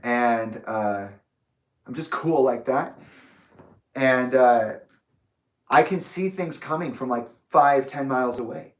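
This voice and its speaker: A young man talks through a personal reflection in a loose, rambling way, restarting phrases and swearing now and then. His voice sits at an ordinary middle pitch. It sounds roomy and a little distant from the microphone. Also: takes it slowly, long pauses. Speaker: vlogger. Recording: roomy echo, distant from the mic.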